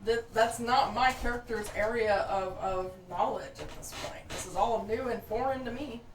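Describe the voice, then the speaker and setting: A giggly, chatty woman with a somewhat high voice plays in a tabletop game. She sits away from the mic in an echoey room, and a light hiss runs underneath. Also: moderate pace, distant mic. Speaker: player. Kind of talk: casual tabletop stream chat.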